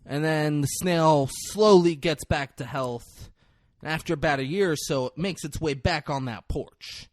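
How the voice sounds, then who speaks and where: A man co-hosting a podcast in casual chat, retelling a film scene with lots of swearing and quick acted-out lines. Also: a little high, no echo, studio quality. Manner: animated, profane, acts out film lines in quick voices. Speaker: podcast co-host.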